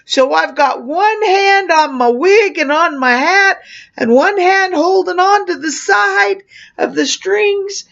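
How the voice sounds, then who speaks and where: A middle-aged woman telling a personal story as a clown, animated, acting out the other people in it. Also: sits high, takes it slowly, creaky. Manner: animated, voices others in the tale. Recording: dull lo-fi recording.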